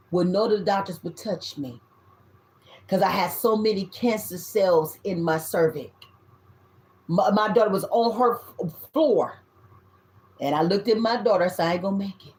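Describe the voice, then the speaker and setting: A woman in her fifties with a Southern US accent, giving a tarot reading in loud, blunt, casual talk and swearing freely. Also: mid-range voice. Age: 50s. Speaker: tarot reader. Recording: echoey room.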